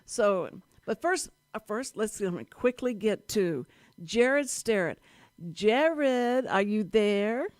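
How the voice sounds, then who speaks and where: A bubbly woman hosts a live talk show from a community radio studio. She gushes and chats in quick asides, at a middling pitch, and the booth sounds dry and close. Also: expressive, dry recording.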